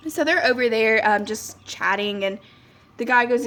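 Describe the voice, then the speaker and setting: A woman's voice: fairly high pitch, measured pace, fairly bright tone. A young woman chatting casually while doing her makeup, telling a story full of "like" fillers and quoted dialogue. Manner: chatty, lots of "like" fillers, quoting people in dialogue. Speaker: beauty vlogger.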